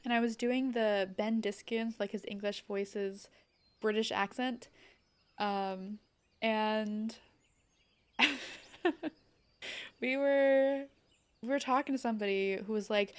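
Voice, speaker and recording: A young adult woman chatting casually on a game live stream, bubbly and rambling, full of "like" and quick laughs. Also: mid-range voice, fairly even intonation, clean tone.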